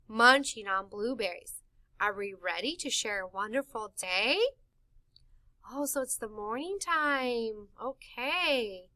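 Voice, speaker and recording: A woman reading a picture book aloud to children in an animated, sing-song way, stopping to explain words. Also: high-pitched, dry recording. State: tickle in her throat. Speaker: storytime reader for children.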